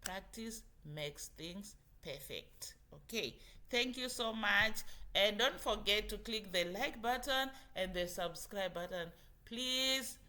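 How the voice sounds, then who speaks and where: A woman's voice: mid-range voice, slow, bright, forceful tone. A woman teaching an online phonics lesson to children, patient and encouraging, spelling words out letter by letter. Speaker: English teacher.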